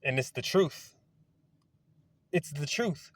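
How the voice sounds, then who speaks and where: A man in a casual, rambling monologue outdoors, excitable and wandering, swearing now and then. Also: medium pitch, unhurried, pauses often, no echo. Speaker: video creator. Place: outdoors among trees.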